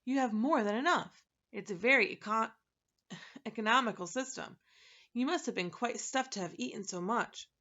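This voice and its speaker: A woman voicing a brisk male magician of numbers who explains things in a matter-of-fact, slightly impatient way. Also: on the high side, sharp tone, lo-fi sound.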